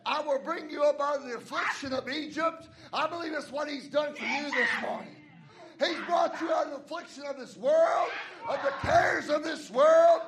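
A woman preacher delivering an impassioned, shouted sermon to her congregation, driving points home with rhythmic repetition. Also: high-pitched, echoey room. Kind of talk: Pentecostal-style shouted sermon. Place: church with a congregation. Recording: live church sermon with crowd noise. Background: congregation audible.

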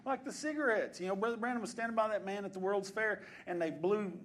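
A fairly high-voiced preacher, moving from soft, chatty asides to ringing calls to his church. A congregation answers him from the pews. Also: fast talker. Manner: swings from quiet conversational asides to loud exhortations. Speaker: pastor. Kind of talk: sermon. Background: congregation responding.

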